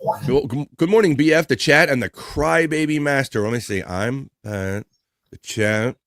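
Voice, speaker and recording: A man hosting a casual live stream, reading out chat messages and greetings in a lively, chuckling way. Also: mid-range voice, normal speed, no echo, studio quality. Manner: lively, reads chat names aloud, chuckles often.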